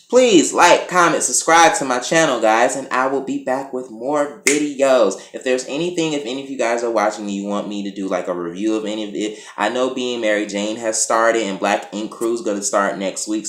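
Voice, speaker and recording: A man's voice: mid-range voice, moderate pace, slight background noise. A man casually recapping and reviewing a TV episode, blunt and profane. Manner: animated, blunt, profane, chatty. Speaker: TV review vlogger. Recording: roomy echo.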